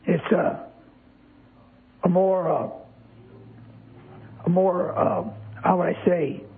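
A man's voice: sits high, fairly even intonation, takes it slowly, gravelly, slightly rough. A male preacher giving an emphatic sermon. He repeats words for stress and keeps asking the congregation rhetorical questions. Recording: tinny lo-fi, phone-like sound.

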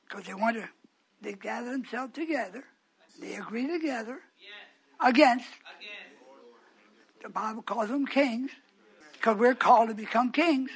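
A man preaching on the radio, scolding his listeners with rhetorical questions and swinging from low muttering to repeated shouted exclamations. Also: a little slow, pauses often, slightly rough, rough recording. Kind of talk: fiery radio sermon with call-ins.

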